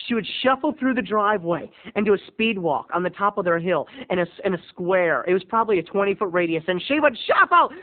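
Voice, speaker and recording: A man hosting a video blog, telling a comic story with theatrical swings between booming and hushed. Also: expressive, quick pace, hardly any pauses. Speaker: vlog host. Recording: tinny phone-like audio.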